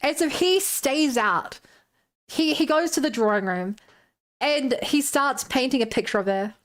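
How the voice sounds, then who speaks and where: A woman's voice: high voice, animated, unhurried. A woman streamer casually retelling a tabletop game session, chatty and loose with lots of filler words.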